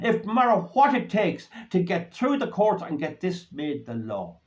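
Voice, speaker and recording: A man's voice: high voice, very animated, moderate pace, hardly any pauses. An Irish man hosting his own channel, delivering a rambling, indignant solo monologue that grows heated. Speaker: host of a commentary channel. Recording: dull lo-fi recording.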